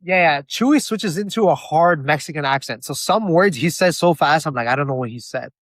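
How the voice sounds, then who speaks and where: A man's voice: a little high, fairly quick, dry recording. A young man from Miami, a guest telling stories in a casual chat over a video call. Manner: chatty, animated storyteller.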